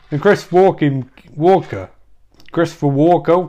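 Male podcast host, slightly high voice, rambling comic monologue full of restarts and swearing. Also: normal speed, darkish tone. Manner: rambling and self-interrupting, with swearing and asides.

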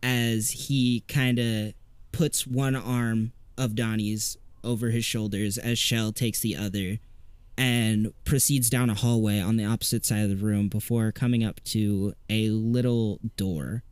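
A man narrating a tabletop game as game master, in a relaxed, descriptive way. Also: lowish voice, unhurried, smooth, dry recording.

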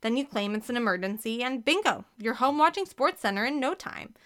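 A woman voicing Eddie, a brash, scheming man who talks in a pushy, excitable way. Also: fairly high pitch, fairly quick.

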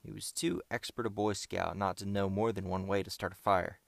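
Steady, measured male narrator with a deep voice and some fry. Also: dry recording. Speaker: audiobook narrator. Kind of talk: scripted audiobook narration.

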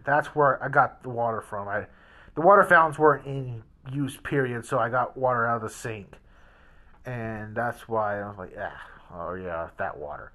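A man's voice: mid-range voice, normal speed, pushed and bright. A young man casually rambling through a story in a hotel room, full of restarts and fillers. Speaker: vlogger.

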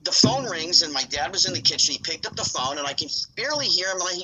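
Guy guesting on a podcast, rambling story, keeps acting out the dialogue, really bright sharp voice. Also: high-pitched, big pitch swings, quick pace, hardly any pauses, slight background noise, poor audio. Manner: rambling, full of asides and acted-out dialogue. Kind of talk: casual storytelling.

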